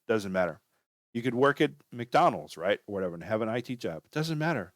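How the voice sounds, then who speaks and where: A man's voice: mid-range voice, lively intonation, fast talker, no room sound, clean studio sound. A man talking casually as he gives career advice, rambling and full of fillers. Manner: rambling, filler-heavy, chatty. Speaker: channel host giving career advice.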